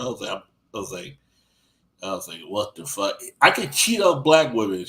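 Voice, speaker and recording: A man telling crude stories in casual podcast chat. He rambles with lots of restarts and acts out what others said, swinging loud and soft. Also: on the low side, big pitch swings, moderate pace, poor audio.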